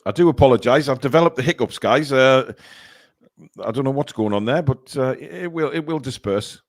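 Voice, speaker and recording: A man hosting live fan commentary of a football match, calling the play-by-play and bursting into shouts at big chances. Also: medium pitch, lively intonation, fairly quick.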